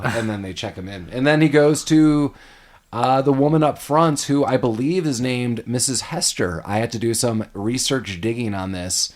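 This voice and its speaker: Animated man hosting a movie podcast. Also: medium pitch, normal speed. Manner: animated, acts out scenes in quoted voices. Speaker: podcast host. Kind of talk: casual movie-review chat.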